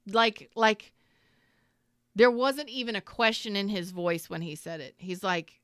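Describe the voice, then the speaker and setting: A woman's voice: mid-range voice, fairly even intonation, unhurried, fairly bright tone, clear, resonant tone, dry recording, studio quality. A middle-aged woman, a tarot reader, talking casually and candidly to her viewers, swearing freely and rambling through asides.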